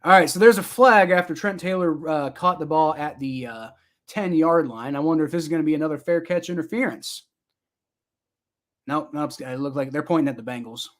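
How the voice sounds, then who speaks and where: A man's voice: on the high side, a little fast, a bit bright. A man hosting a live stream, calling plays loosely and chatting back at viewer comments in a rambling, casual way. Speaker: live-stream sports reaction host. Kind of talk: casual live play-by-play and chat reaction.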